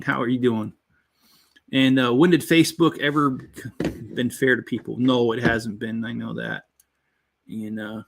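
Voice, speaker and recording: A man in easy, casual chat as he builds, at a middling pitch. He rambles through jokes with plenty of "uh" and "you know", and stops to greet viewers by name. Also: creaky, slight background noise. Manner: rambling, joking storyteller with many fillers. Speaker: channel host building a toy set.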